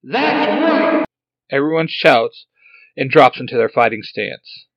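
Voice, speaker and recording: A man's voice: medium pitch, unhurried, vocal fry, dry recording. A man reading a fan story aloud as narrator. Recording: dull, dry recording.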